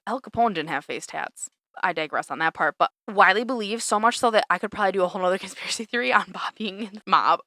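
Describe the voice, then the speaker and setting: Young woman podcaster, bright voice, dry close sound, swears a lot, laughs a lot. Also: medium pitch, fast, no room sound. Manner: chatty, swears freely, laughs often. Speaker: podcast host. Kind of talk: casual chat.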